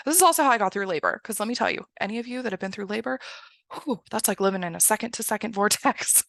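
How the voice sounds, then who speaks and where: A woman's voice: medium pitch, expressive, fast talker, creaky, no echo. A woman giving an emphatic motivational coaching talk, often checking in with "right?". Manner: emphatic, keeps asking "right?". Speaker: success coach.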